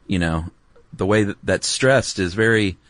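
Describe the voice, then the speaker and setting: Deep-voiced man, playful podcast co-host. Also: measured pace, a bit bright, no echo. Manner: enthusiastic about details, playful asides. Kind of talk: casual explanatory chat.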